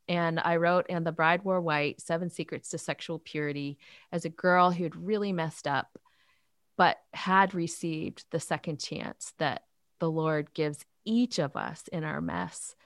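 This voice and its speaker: A woman in her fifties who leads a youth ministry, answering interview questions in an earnest, animated way. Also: low-pitched, unhurried, no room sound, clean studio sound. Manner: earnest, animated storytelling with faith talk. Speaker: author and youth ministry leader.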